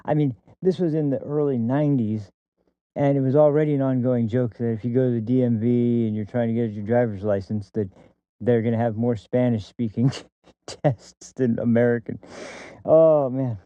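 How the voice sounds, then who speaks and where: A man's voice: mid-range voice, dry recording. A man hosting a casual opinion podcast, rambling with lots of fillers and laughs, over a dry, tinny phone-like line. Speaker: podcast host.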